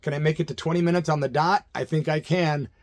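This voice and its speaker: A man's voice: a little high, steady tone, fast. A middle-aged man from Illinois telling a personal story on his own channel in a casual, laid-back way, laughing often and acting out the voices of people he quotes. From Illinois, USA.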